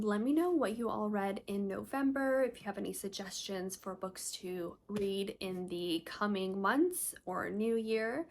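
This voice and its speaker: A young woman chatting on her book vlog, gushing and emotional about what she read, with fillers like "um" and "I don't know". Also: fairly high pitch. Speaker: book vlogger. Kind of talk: casual book review vlog.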